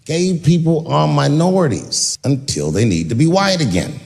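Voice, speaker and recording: A man's voice: on the high side, very animated, moderate pace, creaky, darkish tone, big-room sound, slight background noise. A man doing a stand-up comedy set with a punchy delivery, acting out voices in his stories.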